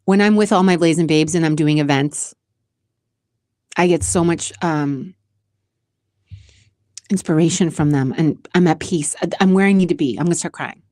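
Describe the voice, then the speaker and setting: A woman's voice: deep voice, moderate pace, long pauses, dark tone, no echo, clean studio sound. A woman in her forties hosting a podcast, chatting casually and emotionally as she answers question cards, rambling with restarts. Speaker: podcast host.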